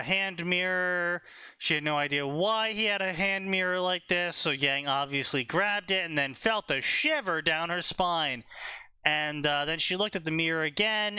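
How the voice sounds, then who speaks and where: A man reads fanfiction aloud for a comedy stream, skipping ahead with sarcastic asides and many fillers. His voice is bright and crisp, a little higher than most men's. The recording is dry and close. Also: no room sound. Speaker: host reading fanfiction aloud. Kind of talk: casual comedic reading and commentary.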